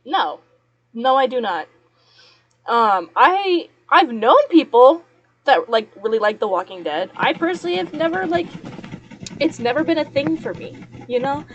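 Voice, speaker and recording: Young woman, higher voice, casual rambling streamer chat with frequent laughs. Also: expressive, unhurried, muffled recording. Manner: chatty, rambling, laughs often. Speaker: streamer chatting with viewers. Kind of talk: casual chat while working.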